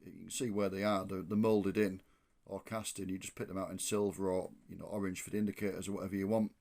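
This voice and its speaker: Low-voiced man reviewing a toy. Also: little pitch movement, fast talker, gravelly, darkish tone. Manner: thinking aloud with many ums and restarts. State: losing his voice. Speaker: model bus reviewer. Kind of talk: casual hands-on product review.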